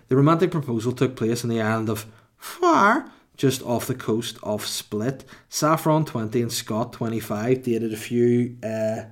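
A man in his thirties hosting a comedy podcast alone, rambling through irreverent, sweary asides. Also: medium pitch. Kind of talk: comedic solo podcast monologue.

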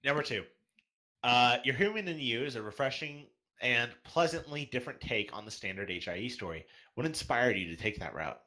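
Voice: medium pitch, lively intonation, fairly quick, bright, forceful tone. A podcast co-host in casual chat, reading listener questions aloud in a laid-back way.

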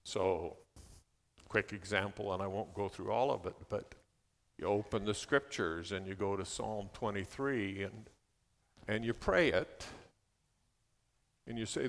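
A man preaching a sermon as a pastor, moving from steady teaching into fervent spoken prayer. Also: on the low side, a little slow, vocal fry, pauses often. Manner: builds to near-shouting fervent prayer. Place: church hall. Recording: long hall reverb.

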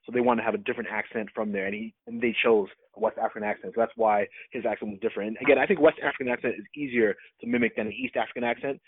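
Fast-talking husky man on a podcast. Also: fairly low pitch, fairly even intonation, no echo. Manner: fast, laughing, teasing banter. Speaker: podcast co-host. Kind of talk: casual movie review chat. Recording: dry, tinny phone-like sound.

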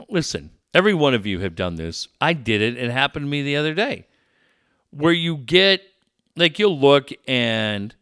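Male podcast co-host, lively storyteller with a bright, sharp tone and a lot of swearing. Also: on the high side, clean tone, no echo, clean studio sound. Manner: animated storytelling, swears, laughs often. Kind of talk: casual banter.

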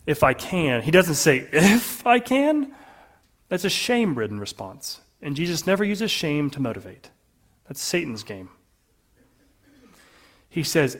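A man preaching a sermon to his congregation in an earnest way, often dropping to a soft, low voice for emphasis. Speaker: pastor.

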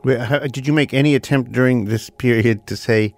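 A man's voice: mid-range voice, brisk. A man co-hosting a radio interview, asking playful, probing questions. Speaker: co-host.

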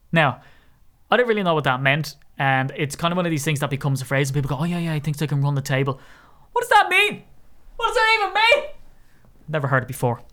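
A man with an Irish accent hosting a sports podcast, chatting casually about his team with wry asides and now and then a mock shout. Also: on the high side, clear, resonant tone. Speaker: podcast host.

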